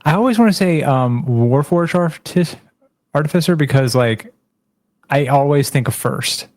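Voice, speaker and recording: A man's voice: on the high side, animated, normal speed, darkish tone, no echo. A man playing in a tabletop game, explaining his character with hesitant restarts. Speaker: player. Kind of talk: casual chat.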